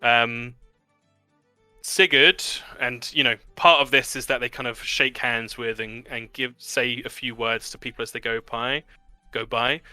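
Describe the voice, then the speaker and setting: A man narrating a tabletop game as game master, in a relaxed, chatty way with many fillers. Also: medium pitch, measured pace, smooth, dry recording, faint music behind.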